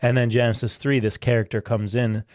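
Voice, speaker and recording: A man's voice: mid-range voice, level tone, a little fast, darkish tone, no room sound, studio quality. Easygoing man restating things simply. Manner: joking, simplifying with repetition. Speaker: co-host. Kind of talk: casual Christian talk show discussion.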